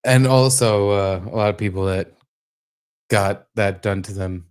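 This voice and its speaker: A man's voice: fairly low pitch, measured pace, darkish tone, clear, resonant tone. A man co-hosting a comedy podcast, swearing freely and joking while reacting to videos. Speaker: podcast co-host. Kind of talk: casual comedic banter.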